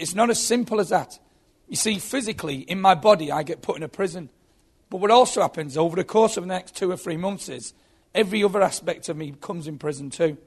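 A man telling his own story as a Christian testimony, earnest and often repeating his words. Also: sits high. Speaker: former prisoner giving testimony.

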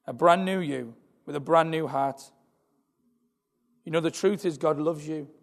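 A man preaching an earnest, repetitive sermon in a church, his voice gravelly. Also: fairly high pitch, a little slow. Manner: earnest, repetitive, building in intensity. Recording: long hall reverb.

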